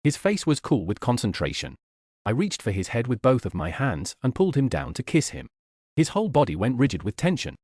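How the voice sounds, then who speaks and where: A man narrating an audiobook in an expressive, wry manner on a studio mic. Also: mid-range voice, a little fast, dry recording.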